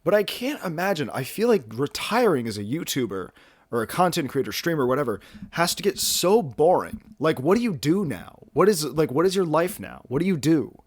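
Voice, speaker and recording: Brisk and a little high-pitched, this twentysomething guy swings his pitch widely as he rambles through a casual home vlog, slightly winded. Self-mocking jokes, fillers and false starts pile up. Sound is clean, studio-like, with no echo.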